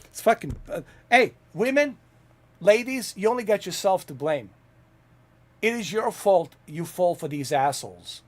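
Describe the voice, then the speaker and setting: A man's voice: high voice, animated, slow pace, pauses often. A man hosting a gaming video, ranting casually in a blunt, profane, rambling way with many fillers. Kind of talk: casual rant over gameplay.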